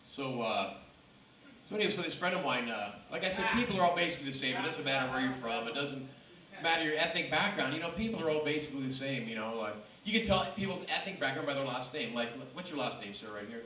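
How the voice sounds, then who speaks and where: A man's voice: mid-range voice, lively intonation, fast talker, pushed and bright. A man from Los Angeles doing a loose, rambling stand-up set with crowd work. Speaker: stand-up comic. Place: small comedy venue. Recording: echoey room from far off, noisy.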